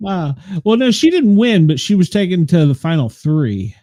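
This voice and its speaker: A man's voice: high-pitched, very animated, normal speed, mellow. A man hosting a podcast in casual chat, gossipy and profane, often laughing as he talks. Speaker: podcast host.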